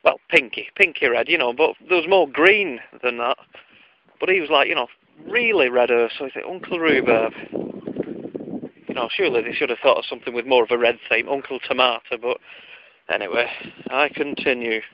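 A man's voice: mid-range voice, fairly quick, no room sound. A man with a mid-range voice spinning a funny childhood tale, wry and prone to wandering off on tangents while poking fun at himself. the recording sounds a little dull and lo-fi. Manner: wry, digressive, self-mocking. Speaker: storyteller. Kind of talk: casual comic storytelling.

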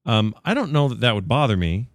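A man's voice: mid-range voice, big pitch swings, brisk, no room sound. A man co-hosting a podcast in casual chat, joking around and laughing often. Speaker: podcast co-host.

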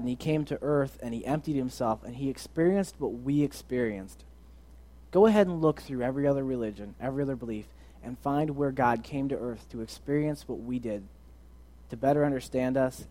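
Young male preacher, conversational and earnest, warm dark tone, mid pitch. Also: brisk. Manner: earnest, conversational, swings from loud to soft. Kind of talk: casual sermon.

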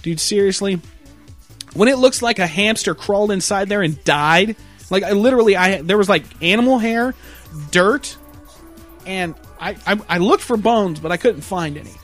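High-voiced man ranting and swearing. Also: expressive, moderate pace, fairly bright tone, soft background music. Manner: crude, exasperated, swears a lot, laughs mid-sentence; mocks customers in a shrill put-on voice. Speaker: computer repair guy ranting. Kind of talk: profane comic rant.

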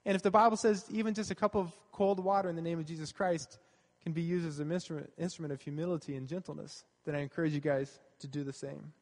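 High-pitched guy preaching a sermon, chatty and earnest, long echo off the hall. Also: fairly even intonation, quick pace. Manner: earnest and conversational, repeating key phrases. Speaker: pastor.

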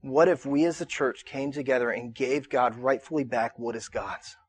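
A male pastor in his thirties preaching a conversational sermon to a room, repeating himself and rising to shouts in his stories. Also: medium pitch, steady tone, normal speed, slightly rough. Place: church auditorium.

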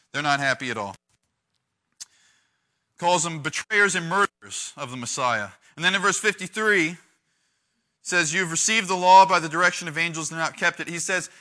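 A man with a fairly high voice preaches to a youth group as their youth pastor, keeping it lively and conversational. He acts out the quotes he reads, swinging his volume widely.

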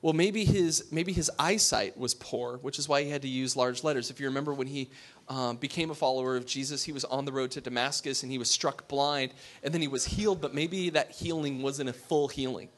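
Man preaching in a relaxed, chatty way. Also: medium pitch, a little fast, few pauses. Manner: conversational, asks the congregation questions, drops to a hush for emphasis. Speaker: pastor. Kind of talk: sermon.

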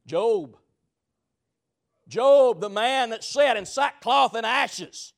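A man preaching a sermon, telling stories dramatically, swinging between shouting and low murmurs. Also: animated, extremely slow.

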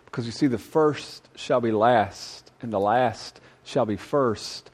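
A man's voice: medium pitch, takes it slowly, darkish tone, slightly rough. A man preaching a youth sermon, conversational and emphatic with folksy asides.

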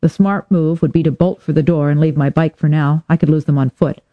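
A woman narrating a hardboiled audiobook in first person, wry and deadpan, letting the dry jokes land flat. The recording is dry and close with a dull, lo-fi edge. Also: deep voice, brisk, dry recording.

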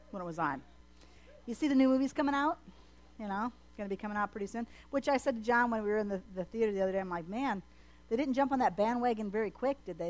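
A woman presenting to a group in a casual, rambling way with many fillers. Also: mid-range voice. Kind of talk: casual chat to an audience.

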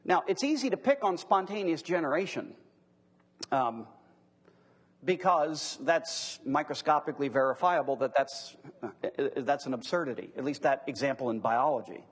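A man with a high, husky voice gives a lecture to a live audience. He talks conversationally and then slows down to repeat his key phrases for emphasis. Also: animated. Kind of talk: classroom lecture on apologetics.

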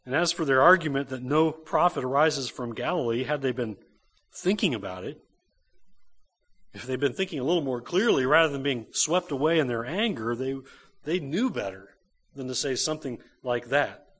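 A man's voice: medium pitch, lively intonation, moderate pace, a bit bright, slightly rough. A man, a pastor, preaching a conversational sermon to a church congregation.

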